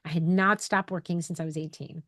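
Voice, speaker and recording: A woman's voice: low-pitched, steady tone, brisk, a bit bright, no room sound. Brief: woman, 40s, from New York, candid rambling talker, dry close sound. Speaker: photographer and educator hosting a live call. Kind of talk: casual personal storytelling to an online group.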